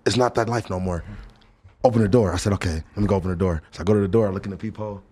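Fast-talking husky man telling a wild story. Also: sits low. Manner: excitable, profane, talks to himself in acted asides. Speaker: podcast guest. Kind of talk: animated storytelling. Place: podcast studio.

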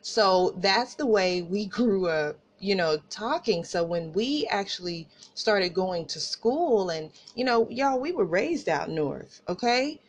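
A woman podcast host from Tulsa with an Oklahoma country accent, telling personal stories in a casual, animated way and talking straight to listeners. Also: medium pitch, slow pace, hardly any pauses. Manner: animated, laughing asides, addresses listeners as y'all.

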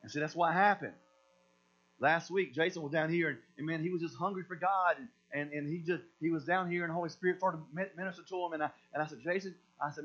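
A man's voice: on the high side, fast, a bit bright. A man preaching a sermon as pastor, emphatic and repetitive, often doubling back on his words. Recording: dull lo-fi sound with mains hum.

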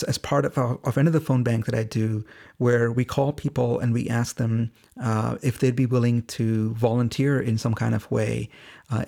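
Earnest guy telling a story on his podcast, gravelly voice, stops and restarts a lot. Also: mid-range voice, a little mellow. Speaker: podcast host and phone bank organizer.

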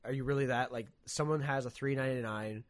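Young man, casual podcast chat, animated storyteller, swears freely, loud acted-out quotes. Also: medium pitch, fast.

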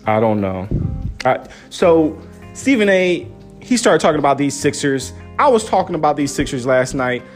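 A man's voice: on the high side, soft background music. A young man, a father, ranting into his phone camera about his basketball team, firing off incredulous rhetorical questions. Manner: animated, incredulous, rapid-fire rhetorical questions. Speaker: sports fan vlogger. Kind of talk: casual phone-camera rant.

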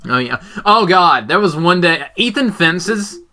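A man's voice: high voice, animated, measured pace, background noise. A young man hosting a podcast with casual, crude, joking banter. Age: young adult. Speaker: podcast host. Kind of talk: casual chat.

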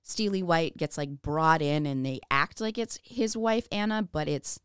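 A woman's voice: deep voice, unhurried, clear, resonant tone, no echo, studio quality. A woman co-hosting a podcast, reading researched history with casual asides and frequent laughs. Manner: laughs often, reads notes with asides. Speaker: podcast co-host.

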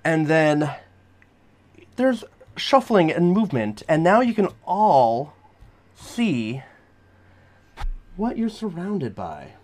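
A man narrating a tabletop role-playing game as game master, playful and animated. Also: on the high side, slow, pauses often.

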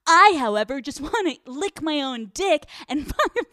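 A woman's voice: high voice, very animated, moderate pace, fairly bright tone, no room sound, clean studio sound, pitched above the performer's own voice. A woman voicing a dopey, cheerful male pet dog who writes his own social media captions, in a silly sing-song way. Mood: goofy chirpy.

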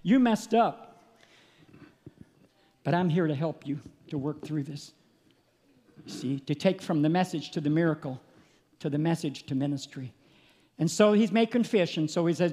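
A male preacher giving an impassioned sermon, rising to loud peaks and dropping back to a low, earnest tone. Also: normal speed, pauses often. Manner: impassioned, builds to shouting peaks then drops quiet. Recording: long hall reverb.

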